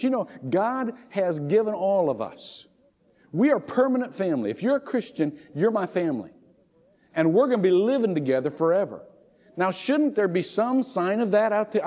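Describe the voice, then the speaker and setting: A man's voice: fairly high pitch, warm tone. A middle-aged man preaching a sermon as pastor, telling stories with laughter and tearful asides. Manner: emotional, laughing and digressive storytelling. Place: church sanctuary. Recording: muffled church recording with long reverb.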